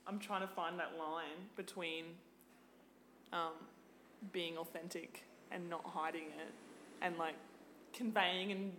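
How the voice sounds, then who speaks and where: Brief: young woman, animated sweary podcast guest, echoey room with a low hum. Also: takes it slowly, long pauses. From Australia. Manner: animated, swears freely, lots of "like". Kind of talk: casual chat.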